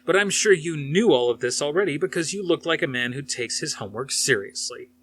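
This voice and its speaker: A man's voice: on the high side, animated, a little fast, a bit bright, slightly rough, voice pushed up. A man reading aloud, voicing a combative male scholar who lectures with pointed sarcasm. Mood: sarcastic.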